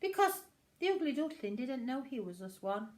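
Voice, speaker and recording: Animated woman reading a children's story. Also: high-pitched, normal speed. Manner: animated, sing-song storytelling. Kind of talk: reading a picture book aloud to children.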